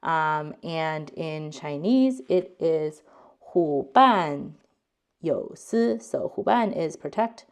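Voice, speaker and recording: A woman talking through a casual language lesson in a low, gravelly voice. She is chatty and unhurried, breaking words apart and explaining each piece. She fills her pauses with soft ums and likes. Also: lively intonation. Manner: chatty, explains word by word, many fillers. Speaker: host.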